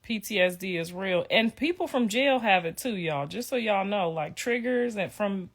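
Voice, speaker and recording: A woman's voice: mid-range voice, animated, normal speed. A middle-aged woman talking casually to viewers on a livestream, telling profane stories and laughing through her words. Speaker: livestream host.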